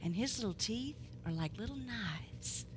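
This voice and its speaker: A woman preacher delivering a sermon, swinging between loud proclamation and quiet asides. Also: fairly high pitch, animated, a little slow, noisy background. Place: church hall. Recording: long hall reverb.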